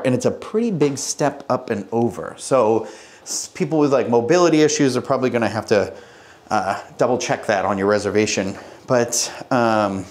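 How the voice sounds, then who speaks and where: A young man casually giving a hotel room tour, chatty and jokey with self-mocking asides. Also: mid-range voice. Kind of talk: casual walk-through vlog.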